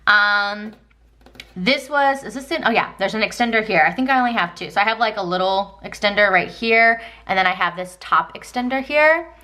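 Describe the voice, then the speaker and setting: A woman's voice: mid-range voice, normal speed, pushed and bright. A woman in her thirties from Texas, chatting casually through a planner flip-through with lots of ums and likes. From Texas, United States. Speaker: planner vlogger.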